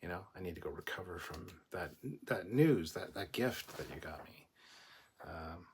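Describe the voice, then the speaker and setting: A deep-voiced man hosts a livestream, reading viewer comments aloud while chatting casually and cracking jokes. He talks at a moderate pace, expressively, rambling and restarting his sentences, with slight background noise.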